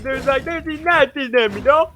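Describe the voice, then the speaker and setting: Guy doing a high squeaky donkey voice, excitable and begging, cartoon style. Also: slight background noise. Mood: pleading. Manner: fast, pleading, high-pitched squeals. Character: excitable talking male donkey, pleading and boastful.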